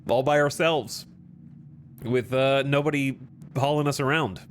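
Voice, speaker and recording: A man streaming a game and chatting with his viewers at an unhurried pace. He keeps clearing his throat and coughs now and then from choking. Faint ambient noise sits behind him. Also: medium pitch. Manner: talks to chat while playing, with frequent throat clearing. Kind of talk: live gameplay commentary.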